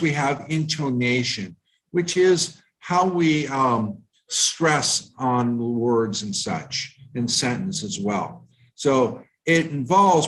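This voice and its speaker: Teaching pronunciation in a live online session, this IELTS tutor from the United States speaks at a medium pitch and explains at a measured pace. He often uses fillers and starts over, and the recording is rough.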